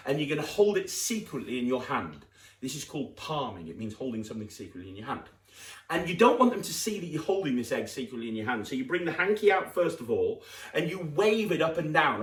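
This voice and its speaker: A man with an English accent, a children's magician, explaining a magic trick to kids in a playful, exaggerated way with bursts of excited shouting. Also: medium pitch. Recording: echoey room, from a distance.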